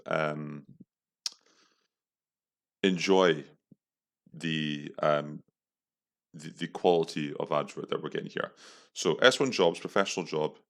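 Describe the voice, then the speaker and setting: A man's voice: rumbling low, fairly bright tone. A young man hosting a podcast, reacting to adverts in a profane, incredulous, mocking way. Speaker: podcast host. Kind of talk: casual commentary.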